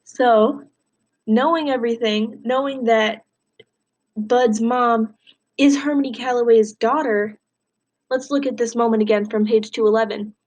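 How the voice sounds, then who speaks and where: A woman's voice: on the high side, fairly even intonation, a little slow, a little mellow. A woman teacher reading a novel aloud and guiding students through questions. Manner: clear, guiding.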